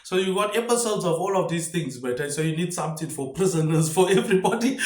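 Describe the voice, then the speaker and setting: A man's voice: sits high, lively intonation, normal speed. A man rambling through a solo monologue, firing off rhetorical questions and tagging "mate" onto nearly every phrase. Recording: echoey room.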